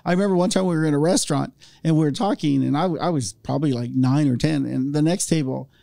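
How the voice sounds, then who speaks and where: A man from Orange County, California, hosts a casual podcast chat, his voice on the high side, fast, creaky, and mellow. The recording is dry with clean studio sound, and he tells stories, acting out voices in his anecdotes.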